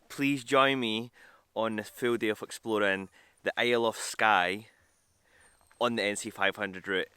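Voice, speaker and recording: A man's voice: fairly low pitch, pushed and bright, clean tone, no room sound. A man vlogging to camera while walking a trail outdoors, chatty and self-deprecating, a little out of breath. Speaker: van life vlogger. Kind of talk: casual vlog talking to camera. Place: outdoors on a coastal hiking trail.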